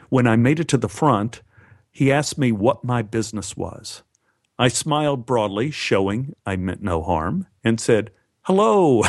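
A man telling a first-person story in an animated way, lifting his voice for quoted dialogue. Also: on the low side, no room sound, clean studio sound.

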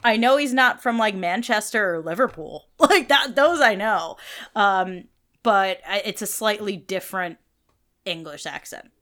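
A woman chatting casually on a podcast about a TV show. She talks in an animated, opinionated way and leans on fillers like "like" and "you know". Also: mid-range voice. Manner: animated, fillers, quick opinions, laughs often. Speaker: podcast co-host.

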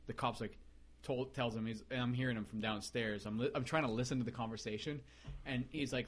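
A man in the middle of a lively, casual story, with a pitch sitting in the ordinary middle range. He acts out the people in his story and laughs as he goes. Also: fast. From United States. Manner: animated storyteller, acts out quotes, laughs often. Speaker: podcast guest, race car builder.

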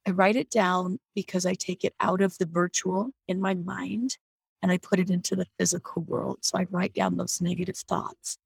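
A woman with a gravelly, slightly husky voice speaks over a video call from her home. She shares her faith in an earnest, reflective way and often restarts mid-sentence. The sound is dry, with no room echo. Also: lowish voice, little pitch movement, moderate pace. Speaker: guest on a faith discussion call. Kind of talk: casual faith sharing. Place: home near an air base.

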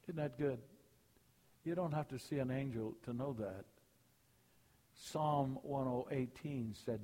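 Older man preaching with folksy warmth. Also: measured pace, long pauses, big-room sound. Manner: folksy storytelling, rises loud and high for punchlines. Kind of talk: sermon.

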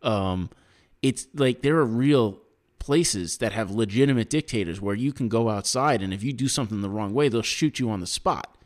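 A man's voice: lowish voice, normal speed. An American man co-hosting a podcast, giving earnest opinions in casual chat with frequent restarts. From United States. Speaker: podcast co-host.

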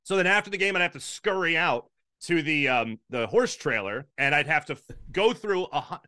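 A middle-aged sports broadcaster from Philadelphia, appearing as a podcast guest, tells a story in casual chat at a brisk pace. He is an animated storyteller who acts out the quotes of the people involved with big pitch jumps. The recording is dry and studio quality.

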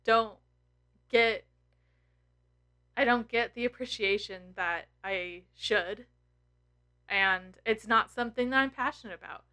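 A woman's voice: fairly high pitch, slow, long pauses, pushed and bright. A woman in her thirties talking candidly and emotionally to her followers, blunt and full of swearing. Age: 30s. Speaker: tarot content creator. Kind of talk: candid personal vlog.

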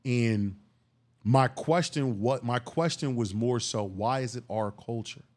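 A man's voice: mid-range voice, a little slow, darkish tone. Man, podcast host, solo monologue, cussing, emphatic, heated bursts. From Philadelphia. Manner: profane, emphatic street talk with rising outbursts.

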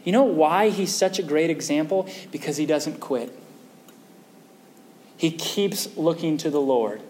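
A man's voice: on the high side, measured pace, a little mellow. A male pastor preaching a sermon in a conversational way, often asking the congregation questions. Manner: conversational, asks the audience questions. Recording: echoey hall with faint noise.

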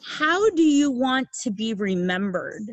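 A woman's voice: a little high, sing-song, a little slow, dry recording, rough recording. A middle-aged woman hosting a podcast, talking earnestly and emphatically in a casual conversation, laughing easily. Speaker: podcast host.

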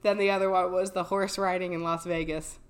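A woman's voice: lowish voice, brisk. A woman co-hosting a podcast in casual chat, telling stories with frequent laughter and casual swearing. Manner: laughs often, swears casually, animated storytelling. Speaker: podcast co-host. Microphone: studio microphone.

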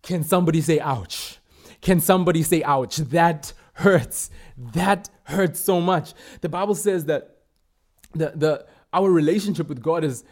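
Mellow-voiced man preaching a sermon. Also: on the high side. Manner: repetitive, emphatic preaching with fillers.

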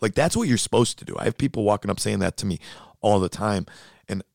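A man co-hosting a casual fitness chat, blunt and animated, who gets fired up while he talks. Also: fairly low pitch, fast, creaky, dry recording, clean studio sound.

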